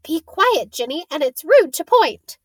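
A woman voicing a warm, motherly middle-aged mother. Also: very high-pitched, big pitch swings, unhurried, dry recording, studio quality, voice pushed up, heavily acted.

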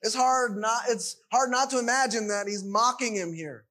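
A man's voice: very high voice, moderate pace, hardly any pauses, bright, forceful tone. A man preaching a sermon, emphatic and full of rhetorical questions.

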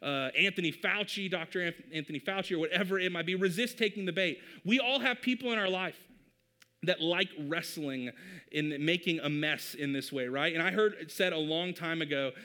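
A man's voice: on the high side, fairly quick, sharp tone. A man in his thirties, a pastor giving a conversational sermon and often addressing the congregation as "you guys".

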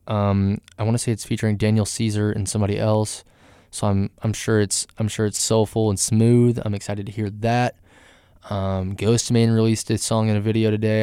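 Male podcast host, low flat delivery, smooth and resonant, rambling casual talk. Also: no echo, clean studio sound. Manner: rambling, filler-heavy, candid opinions. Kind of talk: casual solo music news podcast.

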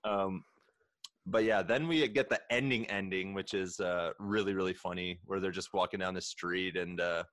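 Lowish man recapping a comedy film. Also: fairly even intonation, moderate pace, a bit bright, no room sound, studio quality. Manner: retells scenes, acting out lines with laughs. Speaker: podcast co-host. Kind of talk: casual movie recap chat.

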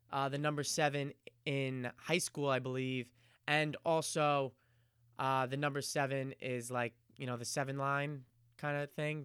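A man's voice: on the high side, a bit bright, clear, resonant tone, dry recording, clean studio sound. A man hosting his own podcast, rambling loosely through casual sports talk with plenty of fillers and the odd curse word. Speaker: podcast host.

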